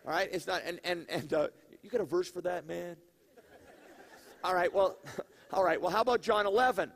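Pastor, man, higher voice, animated conversational sermon, jokes and crowd questions. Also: moderate pace, creaky.

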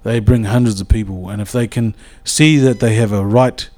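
New man, low and warm, rambling devotional talk with lots of hesitations. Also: steady tone, moderate pace. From New Zealand. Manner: rambling, with many hesitations and restarts. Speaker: speaker at a church gathering.

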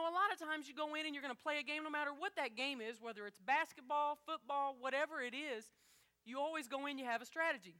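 High, bright-voiced woman preaching. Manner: emphatic, conversational, addresses the congregation directly. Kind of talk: sermon.

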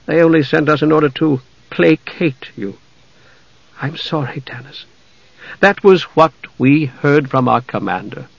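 A man reading an audiobook, voicing a grieving, defensive young male knight who speaks softly and with a tremble. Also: on the high side, measured pace, gravelly, no room sound, lo-fi sound, pitched above the performer's own voice. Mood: subdued.

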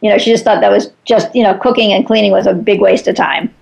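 Chatty woman with a gravelly edge. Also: mid-range voice, quick pace, a little mellow, low-quality recording. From Chicago. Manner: chatty, storytelling, many "like" fillers. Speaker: guest, author. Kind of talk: conversational interview.

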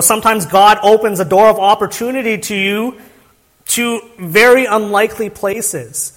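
A young man delivers an earnest sermon, asking his listeners rhetorical questions and often restarting his phrases. His voice sits high for a man. The sound carries a long reverb from a church hall. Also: a bit bright. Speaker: pastor.

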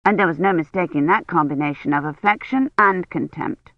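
A woman reading a novel aloud as an audiobook narrator in a measured, even storytelling manner, in a dull, lo-fi recording. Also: fairly low pitch, no echo. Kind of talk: scripted narration. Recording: dull, lo-fi, dry.

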